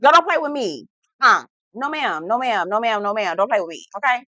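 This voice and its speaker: A woman's voice: fairly high pitch, animated, brisk, sharp tone, no echo. A woman voicing a fed-up young sailor man who rants in cursing street slang. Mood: furious.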